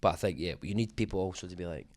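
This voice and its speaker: Low-voiced rambling man. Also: racing, darkish tone. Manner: rambling, self-deprecating, many fillers and restarts. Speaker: interviewee, singer. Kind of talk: casual interview chat.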